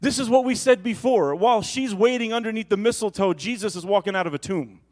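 Speaking fast in a low-quality recording, this preacher keeps his sermon loose and chatty, poking fun at the congregation and addressing them head-on. For a man, his voice runs quite high.

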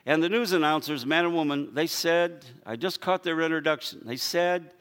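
A slightly high-voiced man tells a sermon story with animated, rising emphasis. He acts out the people in it as he goes. His preaching swings between quiet asides and emphatic peaks. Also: normal speed, hardly any pauses. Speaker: evangelist.

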